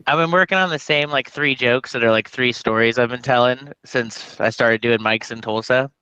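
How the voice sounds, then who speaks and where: A male comedian rambles through jokes and tangents in loose podcast banter. His voice is bright and forward, recorded dry and a little dull. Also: medium pitch, normal speed, clean tone, dry recording. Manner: jokey, rambling, animated bits. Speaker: comedian guest. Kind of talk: casual podcast chat.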